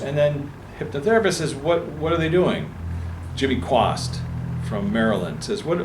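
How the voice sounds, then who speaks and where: A man's voice: a little high, animated, moderate pace, slight background noise. A man telling a personal story to an audience at a book talk, acting out the voices of the people in it. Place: meeting room before an audience. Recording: echoey room with faint ambience.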